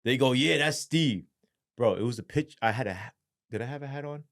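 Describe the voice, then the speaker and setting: Profane storytelling man, casual and animated. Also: medium pitch, fast talker. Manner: profane, animated retelling with acted-out quotes. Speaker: interview guest, former police sergeant.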